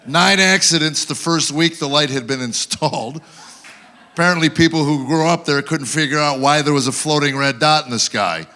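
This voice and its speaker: A man's voice: on the high side, moderate pace, sharp tone. A man performing a live stand-up routine at an awards show, telling wry stories and acting out voices for the punchlines. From Tennessee, USA. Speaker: stand-up comedian.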